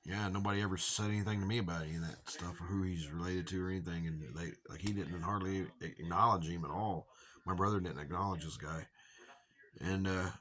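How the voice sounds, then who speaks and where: Southern guy rambling thru a story, deep voice, kinda bright edge, swears a lot. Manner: rambling, profane, acts out quoted voices. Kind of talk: casual storytelling monologue.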